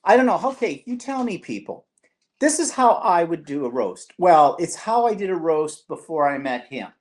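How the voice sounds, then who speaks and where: A man's voice: a little high, big pitch swings, normal speed, a little mellow. A middle-aged Canadian man hosting a live-stream vlog, chatting and teasing in a rambling way. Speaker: vlog host.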